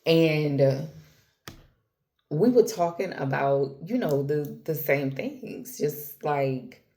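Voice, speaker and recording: A spiritual vlogger with a low-sitting, expressive voice talks slowly and intimately to her viewers. Her casual monologue is slangy and personal, full of "girl" and "baby," with trailing off and restarts, and it gets softer and closer toward the finish.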